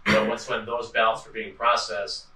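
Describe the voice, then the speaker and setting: A man describing events in a halting, hesitant way, recorded in an echoey room from a distance. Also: fairly low pitch, little pitch movement, bright, forceful tone. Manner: halting, hesitant, with many fillers. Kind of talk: interview commentary.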